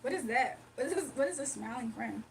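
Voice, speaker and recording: Woman, livestream host, casual chat, high voice, distant mic, faint background noise. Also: animated, fairly quick, creaky. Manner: chatty, reacts to chat, laughs often.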